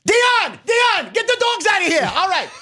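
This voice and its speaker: A man putting on a loud, brash New York sports handicapper, shouting his picks. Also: extremely high pitch, big pitch swings, voice pushed up, full character voice. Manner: shouting, brash, rapid gravelly wisecracks.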